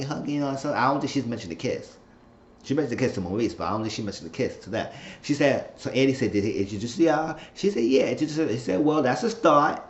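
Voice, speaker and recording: A man's voice: medium pitch, slight background noise. Man, casual TV recap host, acts out the lines, roomy echo, dull lo-fi sound. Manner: animated retelling, acts out characters' lines. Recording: echoey room, dull lo-fi sound.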